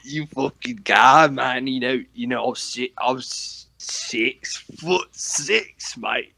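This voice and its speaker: A swaggering, towering pub brawler who brags about his height and throws out crude threats, as a man puts him on. The voice is bright and forceful. It sits close to the mic in a dry, dead room. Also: mid-range voice, animated, takes it slowly, gravelly, no echo, heavily acted. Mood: boasting. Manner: swaggering, crude threats, keeps saying mate. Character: boastful six-foot-six male pub tough guy.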